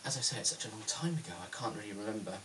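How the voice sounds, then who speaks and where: A man's voice: on the low side, expressive, rapid-fire, far from the mic, noisy background. A man in his thirties from London with a British accent, answering viewer questions in a chatty, self-deprecating vlog with frequent ums. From London, England. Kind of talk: casual Q&A vlog.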